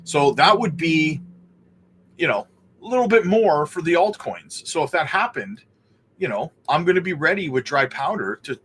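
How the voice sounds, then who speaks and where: A man's voice: on the high side, lively intonation, moderate pace, a bit bright, slight background noise. Upbeat man hosting a crypto live stream. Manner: upbeat, greets chatters by name, calls them buddy and brother. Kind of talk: casual live stream chart talk.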